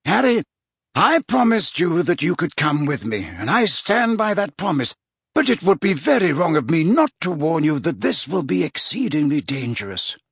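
A man voicing a wise elderly male wizard headmaster, speaking in a calm, measured, deliberate way in an audiobook reading. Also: fairly high pitch, husky, dry recording, studio quality, voice pushed up, exaggerated voice. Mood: grave.

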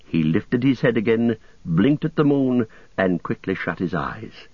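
Man reading a storybook, low slow voice, kinda muffled dry recording. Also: lively intonation, no room sound. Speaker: narrator. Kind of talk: audiobook reading.

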